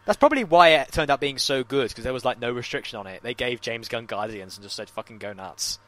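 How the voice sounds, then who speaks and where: Bright-voiced man telling animated stories. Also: mid-range voice, fast talker, no room sound. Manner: animated storyteller, swears, mimics others. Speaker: podcast co-host. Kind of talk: casual chat.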